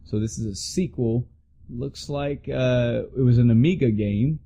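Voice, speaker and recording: A man's voice: medium pitch, measured pace, gravelly, dark tone. A man in his thirties co-hosting a casual podcast, rambling, swearing and laughing easily. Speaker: podcast co-host. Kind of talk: casual chat.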